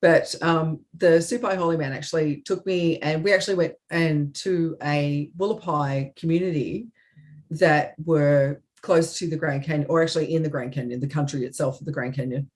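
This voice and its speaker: A woman's voice: sits low, fairly even intonation, normal speed, a little mellow. A woman co-hosting a comedy chat over a video call, telling a story in an earnest, hesitant way with many ums. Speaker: comedy show co-host.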